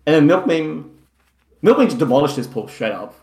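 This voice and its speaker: A man, co-hosting a casual podcast and giving relaxed shout-outs. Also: a little high, fairly quick. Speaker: podcast co-host. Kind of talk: casual chat. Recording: roomy echo.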